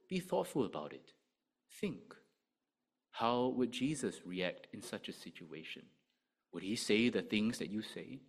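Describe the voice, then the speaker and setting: A man preaching a sermon, asking rhetorical questions and swinging between loud emphasis and quiet, low asides. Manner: animated, rhetorical questions, rises and drops sharply in volume.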